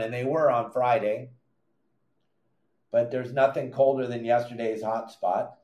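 A man's voice: mid-range voice, a little slow, reverberant, muffled recording. A man hosting a fishing podcast, giving emphatic, repetitive advice and calling his listeners "gang". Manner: emphatic, repeats points, addresses listeners as "gang". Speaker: fishing podcast host and charter captain. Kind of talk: animated advice monologue.

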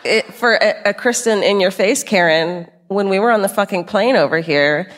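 A woman co-hosting a live comedy podcast on a theater stage, profane and animated, cutting in with jokes. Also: mid-range voice, normal speed. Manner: profane, animated, joking interjections. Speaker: podcast co-host. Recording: long theater hall reverb.

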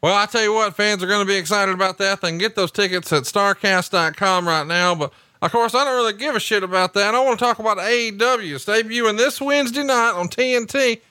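Bright, teasing male podcast co-host. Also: high-pitched, fast, hardly any pauses, clean tone, no echo. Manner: joking, teasing, profane. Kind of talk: casual podcast chat, mock commentary.

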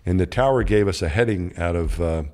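A man's voice: deep voice, brisk, a little mellow. A middle-aged man, a guest on an interview show, telling a long rambling anecdote and acting out the dialogue of the people in it. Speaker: guest, former astronaut. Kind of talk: casual storytelling interview.

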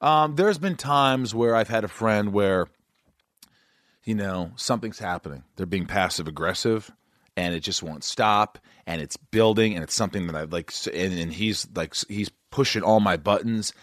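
Loud New York man, low and dry. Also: normal speed, no room sound. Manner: loud, rambling, self-interrupting. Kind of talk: casual conversation.

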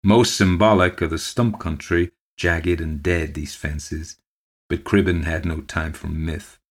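A man with a deep, low voice reads a ghost story aloud for his podcast. His delivery is measured and steady, carrying the narration line by line.

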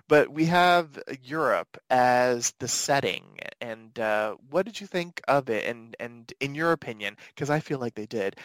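A man's voice: mid-range voice, no echo, rough recording. A man co-hosting a podcast in casual chat, thinking aloud and hedging his theories. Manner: thoughtful, speculative, hedging. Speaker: podcast co-host.

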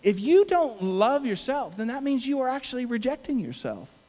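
A man's voice: very high-pitched, very animated, moderate pace, mellow, big-room sound, low-quality recording. A man preaching a sermon, emphatic and calling out to the congregation. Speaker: pastor.

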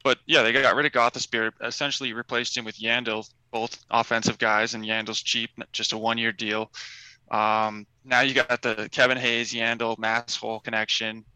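A man's voice: mid-range voice, flat delivery, normal speed, pushed and bright, smooth, no room sound, poor audio. A man co-hosting a casual sports podcast, talking in an enthusiastic, loose and chatty way. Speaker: podcast co-host.

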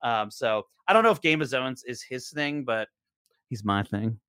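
A man's voice: medium pitch, lively intonation, moderate pace, pushed and bright, clear, resonant tone, dry recording, clean studio sound. A young adult man telling stories as a podcast guest in casual chat, rambling with many fillers and restarts. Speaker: podcast guest, show co-creator.

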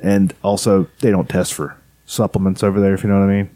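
Low-voiced podcast dude, blunt and sweary, dry close sound. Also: male voice, level tone, fast talker, mellow, no echo. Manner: blunt and profane, dry wisecracks. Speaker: podcast co-host. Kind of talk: casual chat.

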